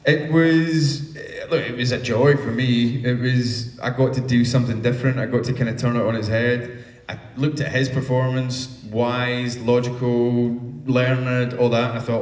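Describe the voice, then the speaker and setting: A man answering fans' questions at a convention panel, telling lively anecdotes with casual swearing. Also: mid-range voice, a little slow. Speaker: guest actor answering fan questions. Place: large convention hall. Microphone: distant from the recording device. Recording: roomy hall sound, distant mic.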